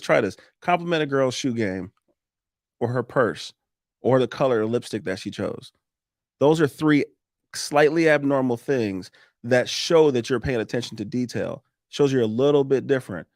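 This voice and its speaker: A man talking casually on a podcast, coaching listeners on sales and connecting with customers in an animated way that swings between loud and quiet. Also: medium pitch, normal speed, vocal fry, no echo, clean studio sound. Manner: animated, coaching, laughs often.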